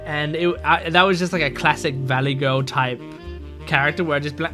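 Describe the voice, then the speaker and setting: A man's voice: a little high, fairly even intonation, normal speed, pushed and bright, soft background music. A man casually playing a mystery game, reading its text aloud and rambling through side stories. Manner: rambling, full of fillers and restarts.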